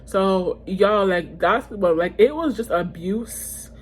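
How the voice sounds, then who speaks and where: Woman telling an animated storytime. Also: medium pitch, husky. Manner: animated, slangy storytelling addressing viewers as y'all; fast bursts with frequent fillers and restarts. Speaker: vlogger telling a personal story. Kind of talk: casual storytime vlog.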